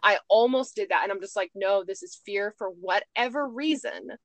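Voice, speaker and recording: A woman's voice: medium pitch, moderate pace, dry recording. A young woman hosting a podcast, telling a personal story in casual chat, full of "like" and "I'm just like". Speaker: podcast host.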